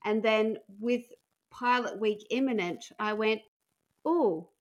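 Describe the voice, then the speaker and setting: A woman's voice: a little high, fairly even intonation, a little slow, lo-fi sound. Bawdy laughing woman comedian. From Australia. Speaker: comedian guest. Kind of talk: casual podcast chat.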